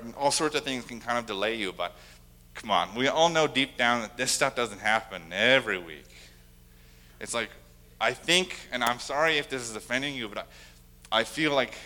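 A man's voice: medium pitch, sharp tone. A young adult man, a pastor, preaching a sermon in a conversational, self-deprecating way, acting out quotes from worried visitors.

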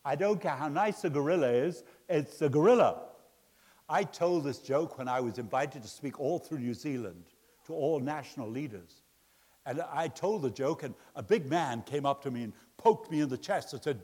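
A middle-aged male pastor preaching a sermon in a large church auditorium, his voice ringing with a long hall reverb. He sits a little above the usual male pitch and tells jokes and family stories with the timing of a seasoned speaker. He moves from loud, laughing excitement into quiet, earnest appeals to the congregation. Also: normal speed, slightly rough. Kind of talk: sermon with humorous storytelling.

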